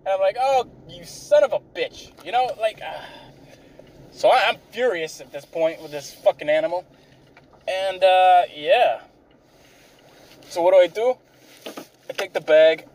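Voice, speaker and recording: A worn-out man talks to camera from his car, a bit higher-pitched than most men. He rambles through his stories, loses his thread and swears almost every sentence, often laughing at himself. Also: slight background noise, rough recording. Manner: profane, rambling, self-deprecating. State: tired. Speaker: vlogger. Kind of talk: rambling storytelling.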